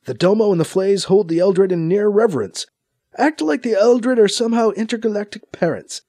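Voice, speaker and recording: A man voicing a calm, telepathic male base commander with a wry, authoritative manner. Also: high-pitched, normal speed, no echo, clean studio sound, voice pushed up.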